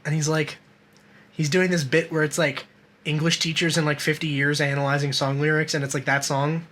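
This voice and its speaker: A man's voice: on the high side, level tone, brisk, fairly bright tone, a little hiss or hum. A young man co-hosting a podcast, chatting casually, rambling, swearing a lot and laughing often. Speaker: podcast co-host. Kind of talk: casual chat.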